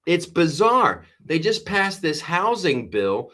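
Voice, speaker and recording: A man's voice: fairly high pitch, big pitch swings, slow pace, pushed and bright. A man hosting a live stream, talking politics in a rambling, exasperated way with many restarts while reading viewer comments. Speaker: host.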